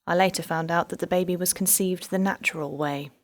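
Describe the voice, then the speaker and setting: A bitter, heartbroken woman detective, as a narrator puts her on, speaking low and close in a dry studio. She recounts old hurts with a rueful, wry edge, as if talking quietly across a table. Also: steady tone, fairly quick, no echo, natural voice.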